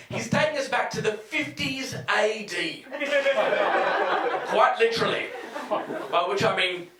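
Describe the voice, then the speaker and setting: Animated comedian in his thirties. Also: high-pitched, normal speed, a loud crowd. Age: 30s. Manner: animated, exaggerated, bursts into shouting. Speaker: stand-up comedian. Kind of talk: stand-up comedy routine. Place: comedy venue. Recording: roomy hall, distant mic, audience laughter.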